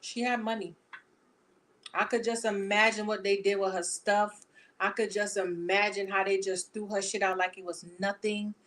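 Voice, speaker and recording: A woman reading tarot cards for her viewers in a casual, animated, profane and chatty way. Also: mid-range voice, moderate pace. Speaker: tarot reader.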